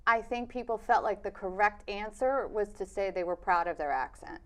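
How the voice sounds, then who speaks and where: A woman filmmaker answering interview questions in a thoughtful, measured way, pausing on fillers. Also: medium pitch, lively intonation, clean tone. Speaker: documentary filmmaker, interview guest.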